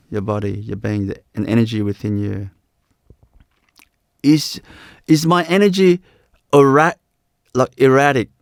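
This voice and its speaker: A man teaching at a live spiritual event, talking slowly and leaving long pauses. His voice has a gravelly, creaky texture, and the sound is dry and close. He circles back over the same phrases with frequent "you know"s. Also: mid-range voice, a little mellow, dry recording. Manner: unhurried, repeats phrases, many "you know"s.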